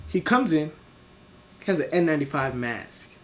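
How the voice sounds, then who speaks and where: A man's voice: a little high, expressive, normal speed, a little hiss or hum. A young man in his twenties co-hosting a podcast, telling a rambling, profane work story and laughing as he goes. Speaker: podcast co-host. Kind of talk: casual storytelling chat.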